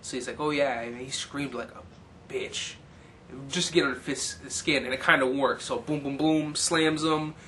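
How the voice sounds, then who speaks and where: Man with a bright, forward tone for a loose, rambling plot recap, with faint hiss behind him. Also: mid-range voice, steady tone, normal speed. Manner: rambling, many fillers, briefly mimics characters' lines. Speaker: film recapper. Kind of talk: casual movie plot recap.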